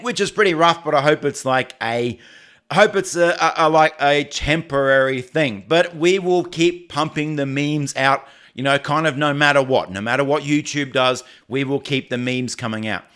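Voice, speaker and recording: An Australian man hosting a casual livestream, chatting and answering viewer comments in a halting way, often restarting and repeating phrases. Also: medium pitch, a bit bright, clean tone. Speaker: livestream host.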